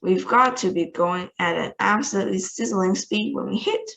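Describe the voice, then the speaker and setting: A woman reading a storybook aloud, voicing an eccentric, excitable male chocolatier in a bouncy, theatrical way. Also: mid-range voice, moderate pace, gravelly, a little hiss or hum, poor audio. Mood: excited.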